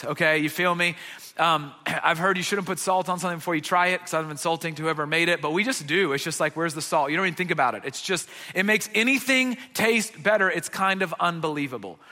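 In a large hall, a pastor delivers a sermon in a slightly high, sharp-toned voice. He is earnest and conversational, frequently checking in with his listeners by asking "okay?"

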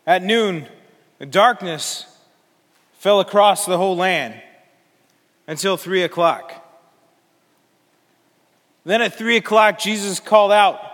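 A very high-pitched man preaches in slow, deliberate phrases that build to emphatic declarations. His tone is bright and sharp, and a long reverb trails every line. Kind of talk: sermon.

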